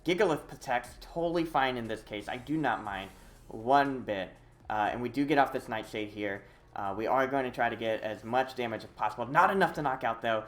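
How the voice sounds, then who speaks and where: A streamer giving live commentary on a video game, excitable and full of hesitant fillers. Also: mid-range voice, fairly quick. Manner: excitable, swings from quiet muttering to loud whooping.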